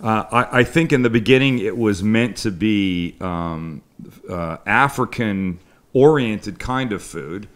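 A man's voice: on the low side, slow pace, fairly bright tone. Chatty Canadian man hosting a cooking show. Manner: chatty, self-deprecating, rambling with restarts. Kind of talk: casual live-stream chat. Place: home kitchen studio with crew.

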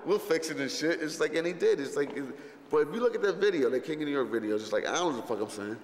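A man's voice: fairly high pitch, racing. Rambling, profane man in an echoey hall. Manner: rambling, profane, full of fillers and restarts; animated storyteller who acts out others' lines. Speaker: interviewee recalling a film shoot. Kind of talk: casual anecdotal interview. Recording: echoey hall with long reverb, faint ambience.

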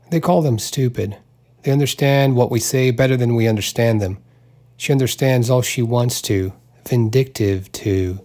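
Man, audiobook narrator, literary reading, slow pace, middle pitch, measured. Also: mellow. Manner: unhurried, measured delivery with small voiced character touches.

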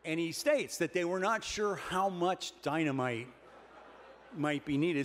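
An older man giving a comic keynote speech at a dinner, deadpan and wry, building his jokes with pauses. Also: fairly high pitch. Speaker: keynote speaker. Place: large banquet hall with a dinner audience. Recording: reverberant banquet hall, faint room noise.

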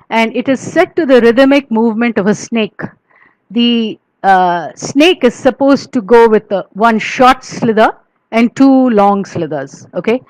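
A woman gives an academic lecture at a mid pitch, with a dry, close sound. She explains step by step, using many fillers and restarts, and counts out syllables and chants Sanskrit verse in a steady rhythm. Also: a little slow, dry recording, low-quality recording. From India.

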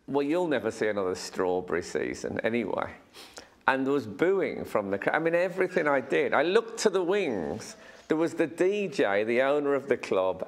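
A man with a gravelly, lively voice telling a story with dry humor. He acts out the lines of the people he quotes. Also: mid-range voice. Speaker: comedian. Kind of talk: documentary interview.

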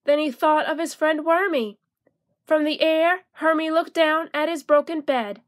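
A woman reads a children's picture book aloud, her voice very high and unhurried. She lingers over each phrase and gives it gentle expression, the way one reads to small children. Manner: slow, gentle, expressive reading. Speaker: storyteller. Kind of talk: storybook read-aloud for children.

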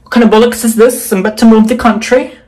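A man voicing a brash, combative young woman with a rough, imperfect put-on Manchester accent, loud and spoiling for a fight. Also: very high voice, fairly even intonation, quick pace, voice pushed up, poor audio. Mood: rowdy. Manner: loud, rowdy, picking fights.

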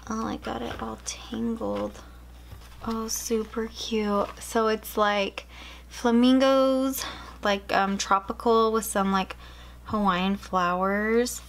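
Gushing young woman with a slow drawl. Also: medium pitch, slight background noise, poor audio. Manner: gushing, excitable, frequent gasps. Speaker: planner vlogger. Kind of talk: casual unboxing chat. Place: home room.

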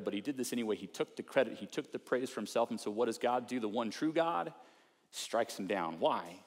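Man preaching in a reverberant hall. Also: medium pitch. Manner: earnest, conversational preaching with acted-out prayers and mock self-talk. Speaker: pastor. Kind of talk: sermon. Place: large church auditorium.

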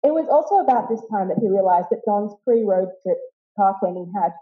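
A woman's voice: mid-range voice, animated, a little fast. A young woman giving a wry, vivid memorial speech full of stories. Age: young adult. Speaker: eulogy speaker. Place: woolshed hall. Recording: roomy, dull hall sound.

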